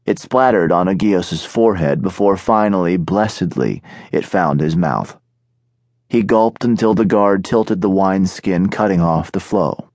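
A man narrating an audiobook in a steady, measured storytelling manner, recorded on a studio microphone. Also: low-pitched, no echo. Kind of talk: scripted narration.

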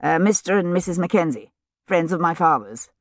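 A woman's voice: on the low side, lively intonation, brisk, no echo, studio quality. A woman voicing a courteous young male army officer with a grave, wry manner. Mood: polite.

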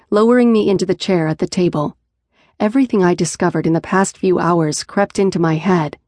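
A woman narrating a first-person audiobook in a measured, even storytelling manner. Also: on the low side, dry recording, clean studio sound. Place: studio booth. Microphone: close studio mic.

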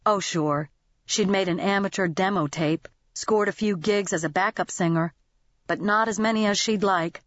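A woman narrating a novel as an audiobook in a lively, expressive manner. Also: mid-range voice, normal speed, no room sound, lo-fi sound.

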